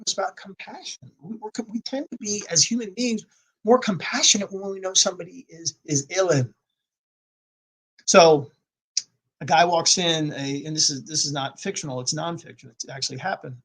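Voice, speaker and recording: A man speaking as a podcast guest, telling a personal story with strong emphasis, swinging from loud to nearly a whisper. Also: sits high, normal speed, breathy edge, poor audio.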